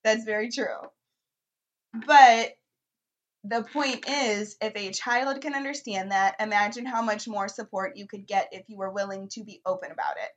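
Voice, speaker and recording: A woman's voice: medium pitch, fairly even intonation, normal speed. A young woman, a mother and counseling student, co-hosting a casual podcast and talking candidly, laughing easily. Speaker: podcast co-host.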